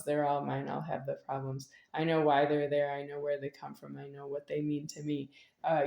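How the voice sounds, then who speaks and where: Middle-aged woman, very low voice, rambling and repetitive delivery, echoey room. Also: darkish tone. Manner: meandering, repetitive, with sudden laughs. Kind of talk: rambling spoken monologue.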